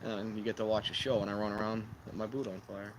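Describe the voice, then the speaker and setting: A man's voice: on the low side, little pitch movement, fast talker, background noise. A man hosting a casual livestream outdoors by a fire pit, rambling and joking with his viewers. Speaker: livestream host.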